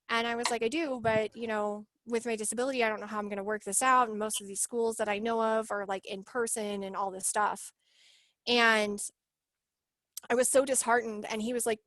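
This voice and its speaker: A woman's voice: a little high, fairly quick, no room sound. Emotional woman in her twenties telling her story. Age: 20s. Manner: emotional, animated storytelling with acted-out quotes. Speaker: workshop guest sharing her story. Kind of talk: casual video-call chat.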